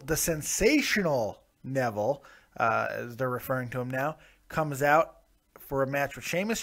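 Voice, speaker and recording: A man with a fairly high voice gives his own review in a loose, chatty way. He is opinionated and often restarts his sentences as he goes. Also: fairly bright tone. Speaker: wrestling show reviewer. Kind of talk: casual solo review commentary.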